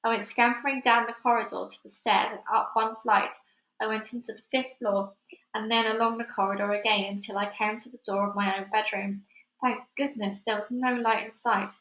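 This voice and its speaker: A woman reads a children's novel aloud in a bright, somewhat high voice. The room gives her voice a clear echo. Her sign-off to listeners is chatty and informal. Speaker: storybook reader. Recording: echoey room.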